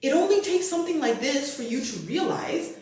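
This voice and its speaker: Animated woman storyteller in an echoey room. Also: sits high, fairly quick. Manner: animated storyteller, heavy "like" filler. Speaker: podcast co-host. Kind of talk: casual chat.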